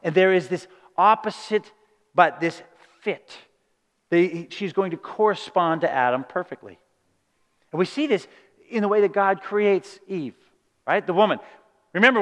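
High-voiced animated preacher in a hall. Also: male voice. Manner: animated, acts out quoted voices, asks "right?" often. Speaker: pastor. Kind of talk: sermon. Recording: reverberant hall.

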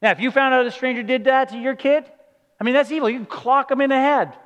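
A man's voice: extremely high pitch, fairly even intonation, quick pace, fairly bright tone, dull audio. A man preaching a sermon in an earnest style, asking rhetorical questions and building to emphatic points. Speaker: pastor. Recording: long hall reverb.

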